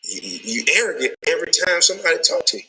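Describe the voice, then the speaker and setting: Man, retired athlete, profane rant, very bright sharp tone, lively swinging pitch. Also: slight background noise, low-quality recording. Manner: cussing, laughing, rapid streetwise slang. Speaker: retired athlete ranting on camera.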